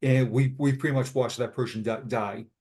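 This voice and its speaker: Man, fifties, Boston accent, blunt and frank, mid-pitched voice, casual interview. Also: fairly even intonation, moderate pace, darkish tone. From Boston, USA. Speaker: podcast guest, retired police sergeant.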